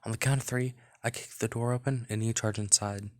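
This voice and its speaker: A man's voice: mid-range voice, fairly even intonation, brisk, no room sound, clean studio sound, natural voice. A man reading out a bold housemate barking orders. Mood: planning.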